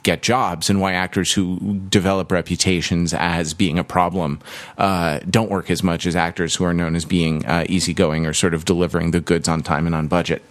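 A man co-hosting a casual chat, thinking aloud in halting phrases with frequent restarts. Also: sits low, level tone, no echo.

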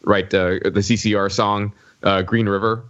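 Lower-voiced guy kinda stumbling through his point on a movie podcast, dull lo-fi audio. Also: little pitch movement, normal speed, a bit bright. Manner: hesitant, many fillers and restarts. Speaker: podcast co-host. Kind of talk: casual film discussion.

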